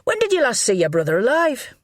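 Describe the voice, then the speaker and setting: A woman narrator plays a blunt, shrewd middle-aged police inspector, needling and mock-innocent as she probes. The voice sits a little higher than the narration and moves lively, in a close, dry recording. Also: brisk, dry recording. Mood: probing. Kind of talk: audiobook character voice.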